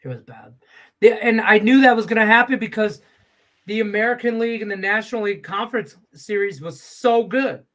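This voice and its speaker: A man with a slightly higher voice hosts a relaxed sports betting chat, tossing out picks and jokes with casual swearing. His talk is loose and playful, moving between teams and banter with his co-hosts. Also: fairly quick. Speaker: sports betting show host.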